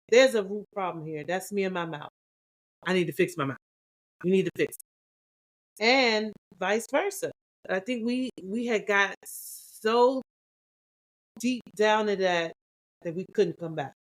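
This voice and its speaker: A woman co-hosting a couples podcast, chatting casually and acting out past conversations with lively swings in her voice. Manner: animated, acts out quoted dialogue with big pitch jumps. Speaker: podcast co-host.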